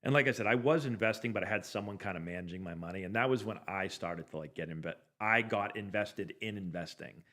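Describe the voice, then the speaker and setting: A man's voice: lowish voice, brisk, hardly any pauses, sharp tone. A man in his forties telling loose baseball stories as a live-stream host, rambling with lots of "like" and restarts. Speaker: former pro ballplayer hosting a live stream. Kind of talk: casual anecdotal storytelling.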